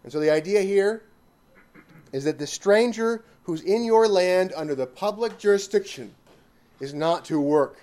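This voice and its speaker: Man with a fairly high voice, Bible teacher, emphatic, drives points home with repetition. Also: moderate pace, darkish tone. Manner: emphatic, with rhetorical questions and repetition. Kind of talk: catechism teaching.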